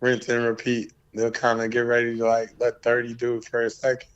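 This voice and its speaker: A man, a former player as guest, in casual chat, his voice hoarse and worn from yelling, speaking in a laid-back drawl. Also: medium pitch, completely flat delivery, a little fast, muffled recording.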